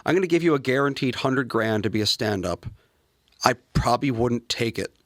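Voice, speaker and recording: A man's voice: mid-range voice, lively intonation, fairly quick, dry recording, studio quality. A man co-hosting a radio show, chatting in a joking, self-deprecating way. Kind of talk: casual talk-radio chat.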